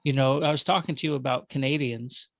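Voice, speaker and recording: Minnesota-accented man guest, gravelly, loose and jokey, dry recording. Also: mid-range voice, fairly even intonation, fast, no room sound. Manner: rambling, self-correcting, joking. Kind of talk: conversational interview.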